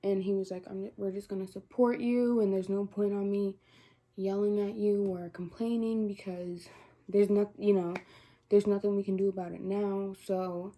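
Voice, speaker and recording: Teenage girl, vlogger, casual storytelling, mellow tone, near tears. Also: medium pitch, steady tone, moderate pace. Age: teens. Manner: chatty, many likes and quoted dialogue.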